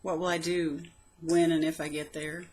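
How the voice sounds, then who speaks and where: A woman reading her own poems aloud, soft, slow and reflective, with plain spoken asides between them. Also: low-pitched, flat delivery, poor audio. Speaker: poetry reader.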